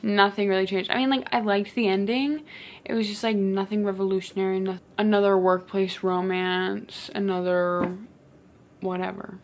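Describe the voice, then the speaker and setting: A woman's voice: mid-range voice, little pitch movement, normal speed, slight background noise. A woman book vlogger chatting casually about her reading, theatrical and full of "like". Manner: chatty and theatrical, heavy use of "like". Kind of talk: casual reading vlog chat.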